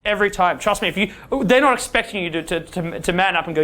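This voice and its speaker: Animated man coaching a class. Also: high voice, fast. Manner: animated, acts out quoted dialogue, keeps checking in with "yeah?". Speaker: dating coach. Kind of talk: seminar talk to a class of men.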